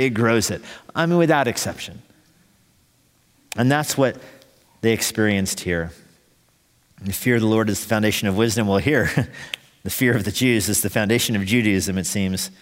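A man's voice: medium pitch, moderate pace. Male pastor, mid-range voice, conversational sermon delivery with dry humor, recorded in a church with a long hall reverb. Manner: conversational, wry asides while preaching. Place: church sanctuary.

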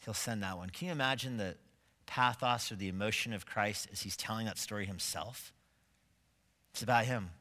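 Emphatic pastor with a bright voice. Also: male voice, fairly low pitch, normal speed, big-room sound. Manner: emphatic, building to forceful stresses; asks rhetorical questions of the congregation. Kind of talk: sermon. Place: church sanctuary.

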